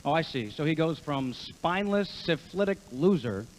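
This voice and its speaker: Brash, high-voiced stand-up comedian, a man. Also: expressive, in a large hall, a little hiss or hum, poor audio. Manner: brash, cursing, quick jokes.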